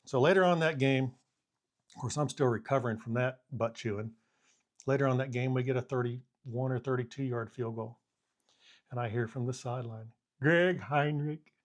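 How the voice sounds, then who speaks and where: A man's voice: mid-range voice, moderate pace. A man in his fifties, a former college punter who now coaches kickers, casually telling anecdotes and acting out the scenes. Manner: animated storyteller who acts out the scene with quoted lines.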